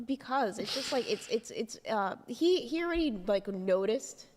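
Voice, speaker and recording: A woman's voice: a little high, animated, normal speed, darkish tone, long reverb tail. Blunt, teasing woman co-host. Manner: blunt, teasing and profane, with frequent fillers. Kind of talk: casual podcast chat.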